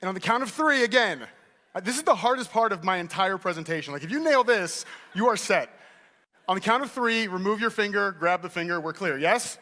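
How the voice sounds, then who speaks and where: Keynote speaker, male, playful and energetic, bright tone, echoing large hall. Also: sits high, fairly quick. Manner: joking, teasing and energetic. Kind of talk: playful stage talk to a live audience. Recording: hall reverb.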